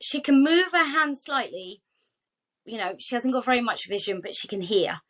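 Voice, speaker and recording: A woman who founded a charity, speaking as a guest on a podcast, telling warm stories with lots of quoted dialogue. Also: on the high side, normal speed. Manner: animated, heartfelt storytelling with quoted dialogue. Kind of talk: podcast interview.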